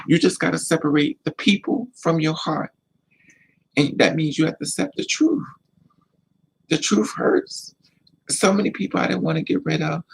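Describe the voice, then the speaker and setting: A man vlogging life advice, hammering his points home through repetition. His voice is gravelly and a little husky, and it sits fairly high for a man. The delivery stays casual but has the insistence of a sermon. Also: rough recording. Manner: emphatic, repetitive, preachy. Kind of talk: casual advice monologue to camera.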